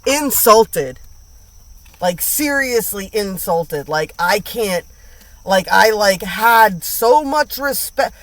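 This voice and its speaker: A woman reads tarot in a casual, unscripted way, with a bright, sharp edge to her voice. She talks bluntly, piles up slang and swearing, and hammers her points home by repeating them. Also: medium pitch, lively intonation, takes it slowly. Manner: emphatic, blunt, repeats lines for emphasis; slangy and profane. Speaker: tarot reader.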